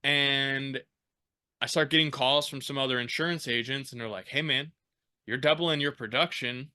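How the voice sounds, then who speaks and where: A man telling his own story as a podcast guest, casual and animated, swearing freely and acting out the people he quotes. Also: medium pitch, normal speed, clear, resonant tone.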